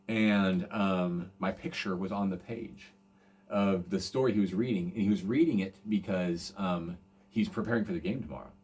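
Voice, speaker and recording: A man in his forties hosting a casual podcast, telling a rambling, self-deprecating story full of fillers and restarts. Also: fairly low pitch. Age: 40s. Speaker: podcast host.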